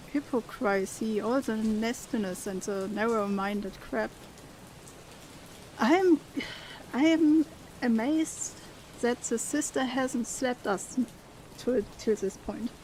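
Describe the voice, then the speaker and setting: A young woman, her voice sitting a bit high, plays through a story game. She reads each character's lines aloud with feeling and slips easily into relaxed chat with her viewers. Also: slight background noise. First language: German. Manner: reads dialogue expressively, then chats casually. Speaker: streamer. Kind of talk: let's play, reading game dialogue aloud and chatting with viewers.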